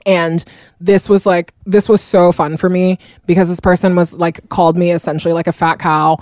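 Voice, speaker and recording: A woman in casual conversation, telling animated stories in a chatty, playful way. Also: on the low side, moderate pace, dry recording, clean studio sound. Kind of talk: casual chat.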